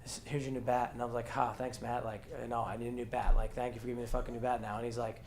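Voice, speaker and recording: A young man on a podcast, telling a college baseball story in a casual, animated, profane way and acting out the dialogue. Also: mid-range voice, racing, a little hiss or hum. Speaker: podcast guest, former college catcher.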